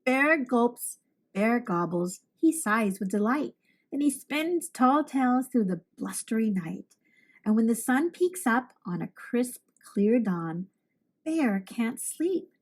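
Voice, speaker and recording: Her fairly high voice unhurried, a female teacher takes her time reading a children's picture book aloud, full of storytelling expression.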